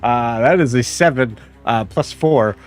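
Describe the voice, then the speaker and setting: A young man narrating as game master, halting and full of fillers as he describes the scene. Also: medium pitch, faint music behind.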